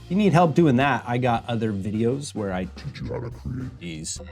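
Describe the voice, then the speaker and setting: A man hosting a podcasting tutorial and chatting through a screen-share walkthrough. He keeps it upbeat, with quick jokes, and speaks into a podcast mic. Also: mid-range voice, animated, vocal fry, a little mellow, soft background music. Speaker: host and podcasting instructor. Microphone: podcast mic through a mixer.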